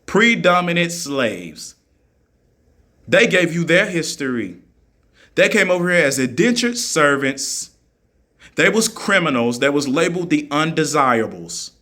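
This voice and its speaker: A man's voice: fairly high pitch, big pitch swings, a little slow, pushed and bright. A man in a heated monologue, answering critics in an argumentative, mocking way and repeating his points for emphasis. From United States.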